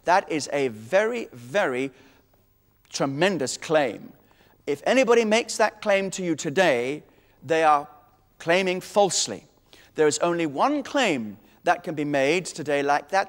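A man's voice: on the high side, in a large hall. A man preaching a sermon, teaching with emphatic authority and quoting scripture.

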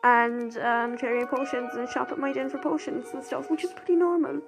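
High-voiced chatty woman over game music. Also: moderate pace, vocal fry, low-quality recording. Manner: chatty and excitable, gasps and exclaims. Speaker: game player narrating gameplay. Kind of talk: casual gameplay commentary. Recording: game music playing behind.

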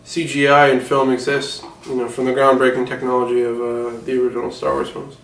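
A man acts out a self-important film mogul who rambles and boasts, easily sidetracked and quick to get defensive. The voice sits at a middling pitch and is picked up from a distance, with a roomy echo around it. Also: level tone, a bit bright, slight background noise, lightly acted. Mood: rambling. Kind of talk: satirical mock interview.

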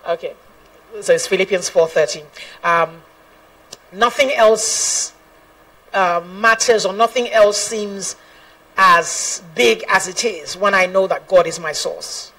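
A woman's voice: medium pitch, slow, long pauses, bright, forceful tone, far from the mic, rough recording. A woman gospel singer giving an earnest personal testimony, laughing often and quoting scripture.

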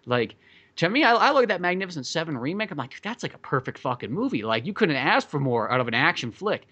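Man, casual podcast chat, bright voice, rambling, profane, lots of fillers. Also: fairly high pitch, sing-song, quick pace, husky. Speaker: podcast co-host. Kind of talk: casual movie review chat.

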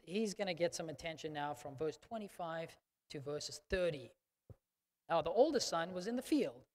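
A male pastor preaching a sermon in an emphatic, conversational way, often checking in with the congregation. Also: high-pitched. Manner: emphatic, conversational, frequent "okay?". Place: church sanctuary. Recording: long church reverb.

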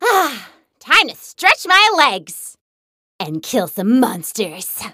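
A woman's voice: fairly high pitch, huge pitch swings, slow pace, pushed and bright, dry recording, studio quality, heavily acted. A woman voicing a hyper, gleeful young huntress in a video game who loves smashing things, bubbly and bouncy. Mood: battle-hungry. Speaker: game character.

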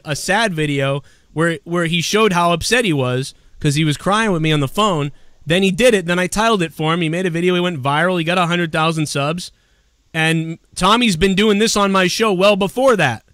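A man's voice: high-pitched, fairly bright tone, no room sound, studio quality. A man hosting a show, arguing heatedly with a caller and mocking him with insults. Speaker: show host. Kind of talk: heated call-in argument.

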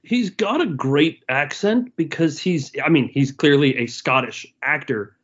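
An excitable man chatting on a fan podcast, his voice sitting a bit high for a man. He rambles and restarts his sentences as he gushes. The recording sounds slightly dull and muffled. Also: a little slow. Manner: enthusiastic, rambling with many restarts. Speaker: podcast co-host. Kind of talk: casual review chat.

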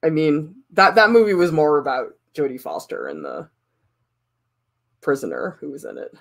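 Chatty, animated woman art teacher. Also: low-pitched, moderate pace, vocal fry. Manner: chatty, animated, laughs often. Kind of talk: casual chat while sculpting.

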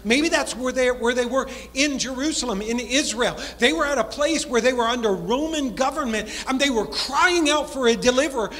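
A man preaching a sermon as pastor, dropping low and soft for emphasis before picking up speed again. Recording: long hall reverb in a church.

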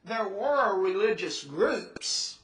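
A man preaching a sermon in a church, earnest and emphatic, slowing down to stress scripture and rising into questions. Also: sits high, animated, fairly bright tone, recorded from a distance. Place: church sanctuary. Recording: echoey church recorded from afar.

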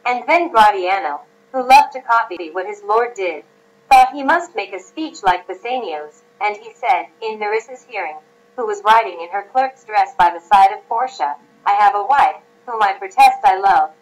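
A woman reading a classic story aloud as an audiobook narrator, at a steady, even pace. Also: mid-range voice, moderate pace, poor audio.

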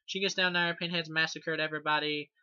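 A man's voice: fairly high pitch, level tone, fairly quick, sharp tone, smooth, no room sound. A man reviewing a horror movie in casual, rambling talk, swearing a lot and laughing at the film. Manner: rambling and profane, many fillers and restarts. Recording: dull, dry lo-fi sound.

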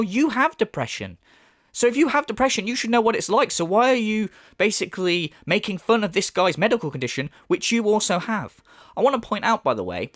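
A man's voice: high-pitched, a bit bright, dry recording, clean studio sound. A man giving a sarcastic, profane ranting commentary as a YouTube commentator.

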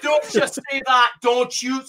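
A man hosting a casual chat, excitable and loud, shouting with joy. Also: extremely high pitch, a little slow, over a noisy crowd. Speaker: show host.

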